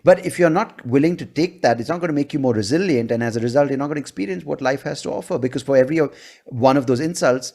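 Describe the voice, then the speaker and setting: A man hosting a podcast interview, talking with animated conviction and dropping jokes as he goes. His voice sits at an ordinary middle pitch for a man, steady and conversational. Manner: animated, opinionated, quick to joke. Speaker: podcast host and comedian. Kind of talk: casual conversation.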